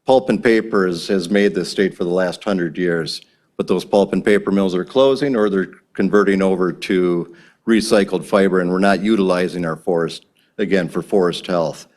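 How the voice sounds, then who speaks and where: A man's voice: deep voice, moderate pace, darkish tone. A man from Wisconsin, a timber company president, giving earnest remarks at a county board meeting, often restarting and repeating words. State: a little emotional.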